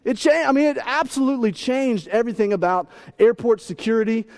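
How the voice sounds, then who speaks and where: A pastor in his thirties delivers a humorous sermon with a playful, animated, brisk style. His voice is high for a man, and he slips into little acted-out voices along the way.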